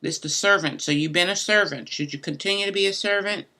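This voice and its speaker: A woman's voice: medium pitch, fast talker, bright, forceful tone. Chatty woman doing live tarot readings. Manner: chatty, talks straight to viewers; loose and blunt, mild cussing. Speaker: tarot reader.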